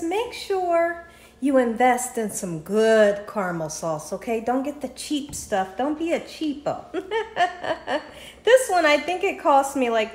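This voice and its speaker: In a home kitchen with roomy sound, a cooking channel host with a slightly high voice gives a casual cooking demonstration. She talks to viewers as she tastes and pours, laughing frequently.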